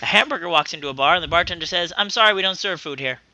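A man's voice: high voice, very fast, bright, forceful tone, lo-fi sound. A man co-hosting a casual comedy podcast over a call, telling jokes in an exasperated, profane way. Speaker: podcast co-host. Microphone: remote call mic.

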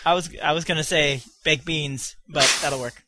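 A man's voice: a little high, steady tone, moderate pace, very noisy. A man co-hosting a podcast, chatting casually, teasing and laughing a lot. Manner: joking, teasing, laughs often. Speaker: podcast co-host. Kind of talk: casual banter.

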